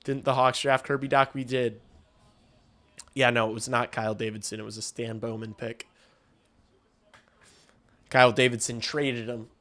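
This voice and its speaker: A man streaming a hockey game and calling the play-by-play, excitable and swearing casually, shouting on big plays. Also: medium pitch, moderate pace, pauses often. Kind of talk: live watch-along hockey commentary.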